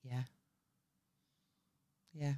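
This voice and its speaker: Brash sweary Birmingham woman. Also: mellow. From England. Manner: brash, sweary, quick to laugh. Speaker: podcast co-host. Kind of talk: casual chat.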